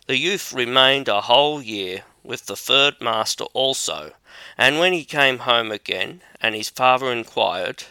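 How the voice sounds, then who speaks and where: Male audiobook narrator, measured storybook reading, smooth resonant voice, dry close mic. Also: medium pitch, animated, sharp tone, no echo. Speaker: audiobook reader.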